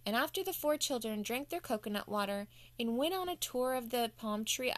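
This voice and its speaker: A woman's voice: on the high side, expressive, fairly quick, dry recording. A woman telling a playful bedtime story to children as the show's host.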